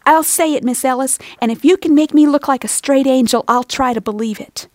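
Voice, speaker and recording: A woman's voice: high voice, a little fast, darkish tone, dry recording, clean studio sound, pitched above the performer's own voice, close to an everyday voice. A woman voicing a shy little hunchbacked schoolgirl in a storybook reading, small and pleading. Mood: hopeful. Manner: small, pleading, breaking with tears.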